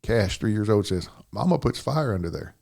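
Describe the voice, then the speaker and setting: A man's voice: on the low side, expressive, moderate pace, gravelly, darkish tone. An older man, a podcast guest telling a personal story in plain, rambling speech, often asking "you know what I'm saying".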